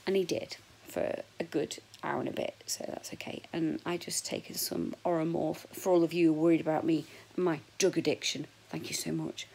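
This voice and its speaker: A woman in her forties talks straight to camera in a relaxed, frank vlog chat, joking and swearing freely. Her voice is husky and sits a little low, with a gravelly crackle. She now and then slips into a breathy whisper. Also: normal speed, hardly any pauses. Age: 40s. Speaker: vlogger.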